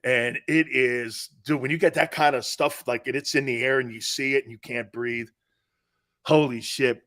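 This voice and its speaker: A man from the Northeastern US hosting a sports talk show, telling profane, animated stories and laughing at his own jokes. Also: mid-range voice, normal speed.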